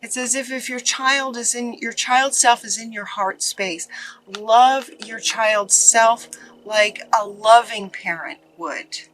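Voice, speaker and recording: A woman giving a casual tarot reading to her viewers, gentle and encouraging, often repeating her phrases. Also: on the high side, slow, slight background noise, poor audio. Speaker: tarot reader.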